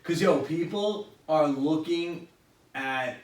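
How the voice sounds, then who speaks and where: A young man hosting a podcast in casual chat, laughing and swearing through excitable banter. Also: on the high side, slow pace. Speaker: podcast host. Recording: roomy, distant mic with faint ambience.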